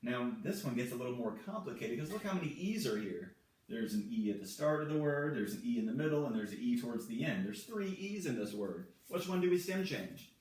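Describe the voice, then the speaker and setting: A male Spanish teacher walking through verb forms at a whiteboard, slowly and patiently repeating each one. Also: medium pitch, sing-song, darkish tone. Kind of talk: whiteboard grammar lesson. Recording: echoey room, mic far off.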